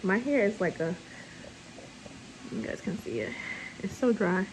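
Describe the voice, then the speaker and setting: A woman's voice: mid-range voice, animated, a little slow, background noise. A mother vlogging in a casual, rambling way from her home kitchen while cooking, chatting to viewers as y'all. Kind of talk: casual vlog chat.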